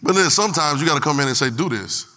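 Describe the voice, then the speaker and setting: Bright, high-voiced preacher man. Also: racing. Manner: call-and-response with the congregation, swings from quiet to shouting. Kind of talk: sermon. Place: church service.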